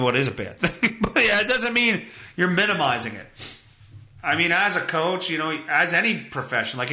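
A man's voice: on the high side, bright, forceful tone, echoey room. A male podcast host reading news stories aloud and mocking them with sarcastic, profane commentary. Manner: sarcastic, swears often, mocks the stories he reads.

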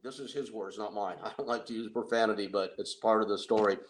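A middle-aged man telling an anecdote in a casual, excitable way, with restarts. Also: on the low side, fast, rough recording. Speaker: guest storyteller. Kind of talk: casual anecdote on a talk show.

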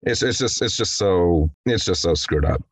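A man co-hosting a casual film discussion, retelling scenes in an animated way and acting out the quotes. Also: low-pitched, normal speed, breathy edge, no echo. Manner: animated storyteller who acts out quotes. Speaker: podcast co-host.

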